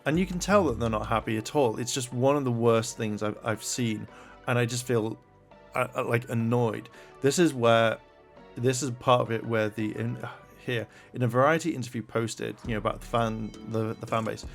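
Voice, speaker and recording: A man in the middle of a vlog rant, his voice pitched in an ordinary mid range. He sounds irritated and swears freely, stumbling through fillers as he reads articles out loud and picks them apart. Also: normal speed, soft background music. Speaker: commentary vlogger. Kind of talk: ranting commentary.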